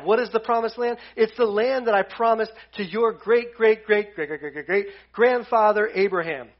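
A high-voiced man teaches a Bible lesson to a group, keeping things casual and joking as he retells scripture in everyday slang. He speaks at normal speed with few pauses. The recording sounds dull and lo-fi.

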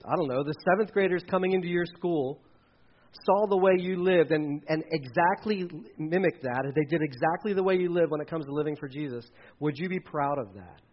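Male pastor, slightly high pitch, conversational sermon, muffled lo-fi mic. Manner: conversational, repeats words, quick asides. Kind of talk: sermon with children's object lesson. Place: church stage. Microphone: handheld or headset mic.

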